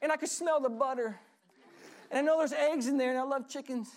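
A man's voice: extremely high pitch, fairly quick, pitched above the performer's own voice. A man putting on a wailing, pleading little boy. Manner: sobbing, begging, breathless excuses.

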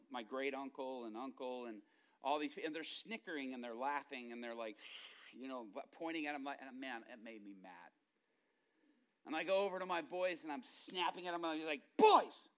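Bright-voiced impassioned middle-aged preacher. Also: male voice, mid-range voice, fairly quick, clean tone. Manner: storytelling, swings from hushed murmurs to loud impassioned outbursts. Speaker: pastor. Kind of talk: sermon.

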